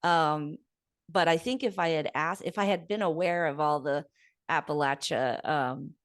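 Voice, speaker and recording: A woman from Florida hosting a relaxed podcast interview, easygoing and laughing often. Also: low-pitched, a little slow, dry recording, studio quality. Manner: relaxed, laughs easily, many fillers. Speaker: podcast host. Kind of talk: casual interview. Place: lives in Southern California.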